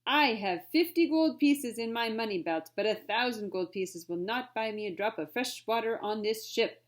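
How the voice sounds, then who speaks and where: A woman voicing an excitable French immigrant man in despair, with a put-on French accent and loud, high-pitched exclamations. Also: moderate pace, natural voice.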